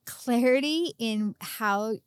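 A woman's voice: on the high side, slow pace, clean tone, no echo, clean studio sound. A woman co-hosting a podcast, chatting casually, agreeing readily, laughing often and reading out listener questions. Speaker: podcast co-host.

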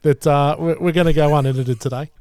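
A man hosting a podcast in casual chat, relaxed and often restarting his words. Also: fairly high pitch, quick pace. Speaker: podcast host.

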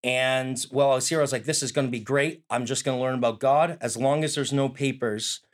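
A man's voice: medium pitch, steady tone, fairly quick. A young man, a student, giving an earnest personal testimony in a conversation. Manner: earnest, storytelling with quoted prayers.

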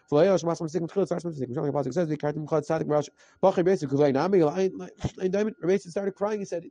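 A man giving a rapid Talmud lesson, reading through Aramaic text in a quick chant and translating it as he goes. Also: a little high, warm tone, no room sound. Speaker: Talmud teacher. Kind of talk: rapid daf yomi lesson.

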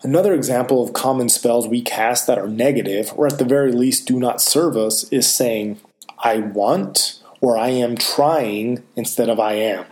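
A man giving a motivational self-help talk, earnest and emphatic, slowing down on key phrases. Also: medium pitch, a little mellow. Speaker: motivational speaker.

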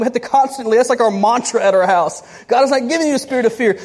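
A woman preaching a sermon to a congregation, telling stories with lively asides and quick laughs. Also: a little high.

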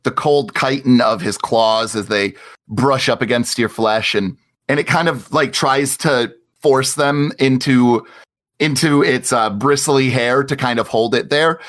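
A man narrating as game master of a tabletop game, describing scenes slowly with searching fillers. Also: medium pitch. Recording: loud music underneath.

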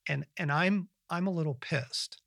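A middle-aged man hosting a Christian podcast, talking earnestly and reflectively in casual conversational teaching, with lively bursts and frequent restarts. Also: fairly high pitch, measured pace, creaky, dry recording, clean studio sound. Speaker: podcast host and Christian author.

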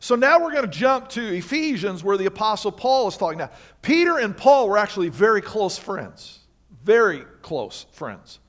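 A man's voice: high voice, big pitch swings, fairly quick, a bit bright. A male pastor preaching a sermon in church, speaking emphatically and questioning the congregation directly. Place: church sanctuary.

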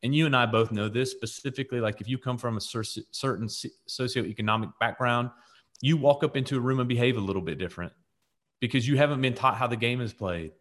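A man's voice: medium pitch, quick pace. A man co-hosting a casual faith podcast, telling a story with lots of "like" and "right?" and acting out the voices of the people in it. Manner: animated storyteller, acts out quoted voices, frequent "like" and "right?". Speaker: podcast co-host.

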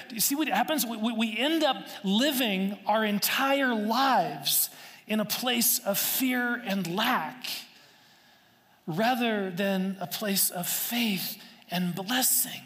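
Pastor, male, somewhat high voice; earnest, chatty sermon delivery with restarts; long hall reverb. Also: a little slow, a bit bright. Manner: earnest, conversational, with repeated phrases and restarts. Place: church sanctuary. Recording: long echo of a large hall.

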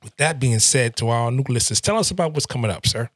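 A man co-hosting a podcast in a casual, playful, slangy way, telling lively stories. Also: medium pitch, fast talker, no echo, studio quality. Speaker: podcast co-host. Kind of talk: casual podcast chat and storytelling.

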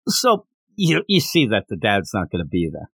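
A man's voice: on the low side, normal speed, creaky, breathy edge, dry recording, clean studio sound. A man co-hosting a podcast, casually recapping a manga and acting out the characters' lines as he tells it. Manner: animated storyteller, acts out characters' lines. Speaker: podcast co-host.

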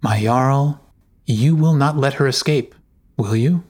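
A man voicing a cunning young noblewoman who speaks softly, slowly and needlingly in a storybook reading. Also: mid-range voice, pitched above the performer's own voice. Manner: soft, slow, needling.

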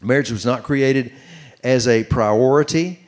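A middle-aged pastor with a mid-range voice delivers sermon-style Bible teaching on marriage. Earnestly, he reads scripture slowly and adds running commentary as he goes.

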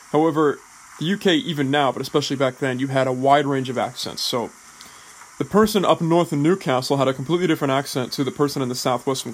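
Give me a man calmly explaining acting training at an average pitch, some faint noise behind. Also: poor audio. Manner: deliberate, measured, restarts words. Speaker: actor explaining drama training. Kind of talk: explanatory talk.

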